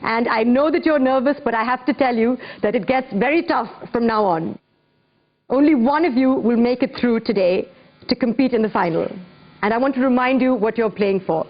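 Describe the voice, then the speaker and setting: A woman hosting a spelling competition, speaking in a clear, measured and encouraging way. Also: a little high. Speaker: quiz host. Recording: dull lo-fi broadcast audio with faint music.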